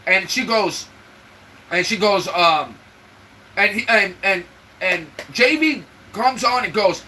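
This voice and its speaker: High, bright-voiced man venting on a live stream. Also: lively intonation, unhurried, a little hiss or hum, poor audio. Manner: emotional, venting, talks straight to viewers. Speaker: livestream host. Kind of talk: casual livestream chat. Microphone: own microphone for the live stream.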